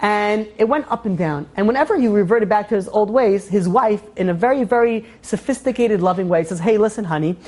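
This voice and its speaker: A woman telling a moral story in a lecture, animated and acting out the characters' lines. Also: mid-range voice, fairly quick, hardly any pauses. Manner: animated, acts out quoted dialogue. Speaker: teacher of Torah.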